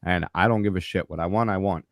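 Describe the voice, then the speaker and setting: A deep-voiced man talks fast as he tells a story in a casual podcast conversation, cursing constantly and performing the voices of others. The sound is dry and studio-clean.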